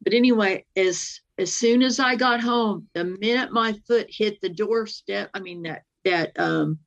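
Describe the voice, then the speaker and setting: A woman guest telling a personal story in an earnest, halting way, often restarting and reliving the dialogue. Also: medium pitch, muffled recording. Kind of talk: emotional first-person storytelling.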